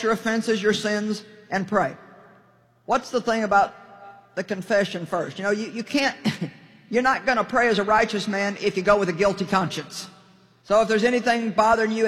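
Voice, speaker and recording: Emphatic woman preaching in a big hall. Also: medium pitch. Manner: emphatic, folksy, calls out to the crowd. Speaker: Bible teacher. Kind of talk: sermon to a live congregation. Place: large auditorium. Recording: long hall reverb.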